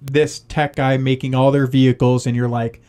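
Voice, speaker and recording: A man's voice: mid-range voice, level tone, normal speed, dark tone. A man co-hosting a podcast, telling rambling stories in casual chat and acting out what people said. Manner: rambling storyteller, many fillers, acts out quotes. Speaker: podcast co-host.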